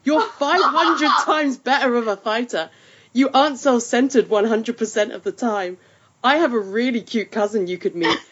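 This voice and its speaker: A woman's voice: a little high, moderate pace, a bit bright, husky. A woman reading the part of a sympathetic, frank woman who comforts a friend, soothing but blunt and swearing casually. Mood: consoling. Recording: slightly muffled lo-fi audio.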